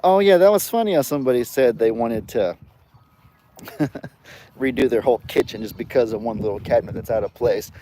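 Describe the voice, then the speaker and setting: A man's voice: medium pitch, fairly quick, long pauses, dark tone. A man in a casual farm vlog, talking in a folksy, rambling way into a phone camera outdoors. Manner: folksy, rambling, coos baby talk at cats. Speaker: farm vlogger.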